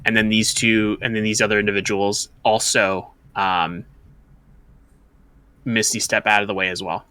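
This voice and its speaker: A man's voice: lowish voice, little pitch movement, normal speed, pushed and bright, smooth, no echo. A man acting as game master who narrates a tabletop game in a loose way, full of fillers. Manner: descriptive, filler-heavy narration with many "like"s.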